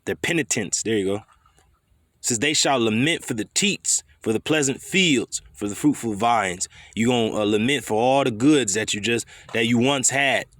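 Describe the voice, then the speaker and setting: A man's voice: mid-range voice, moderate pace, a bit bright, no echo. Man preaching bluntly, profanely. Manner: profane, confrontational, street slang. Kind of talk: blunt scripture sermon.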